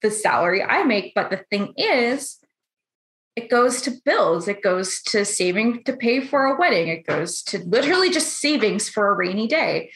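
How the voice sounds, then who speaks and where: A woman's voice: medium pitch, sing-song, moderate pace, fairly bright tone. A blunt, candid woman in casual conversation, hungover, who swears freely and acts out what other people said. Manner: acts out others' lines in quoted voices. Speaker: roundtable guest. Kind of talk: casual chat. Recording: roomy echo.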